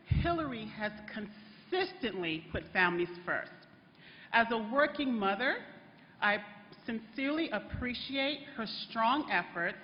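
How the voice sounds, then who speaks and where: A woman's voice: a little high, a little hiss or hum. A woman, earnestly reading a prepared introduction at a political rally. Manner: earnest, choking up with emotion. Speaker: rally speaker introducing the candidate. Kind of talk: prepared speech read at a rally. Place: large hall at a political rally. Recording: dull PA sound, reverberant hall, crowd behind.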